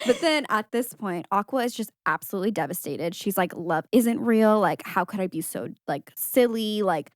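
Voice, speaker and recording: A young woman co-hosts a casual podcast, retelling a film scene by scene. She slips into high, animated voices when quoting characters and laughs often. The sound is dry and close to the mic. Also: normal speed, hardly any pauses, no room sound. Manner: animated storytelling with high-pitched quoted voices and frequent laughs. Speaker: podcast co-host. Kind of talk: casual movie recap chat.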